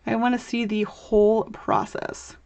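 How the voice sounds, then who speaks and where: A woman's voice: fairly high pitch, sing-song, measured pace, creaky, a little mellow. A young woman hosting a live crafting tutorial, chatty and bubbly, chatting with viewers as she works and laughing often. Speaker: host of a crafting livestream.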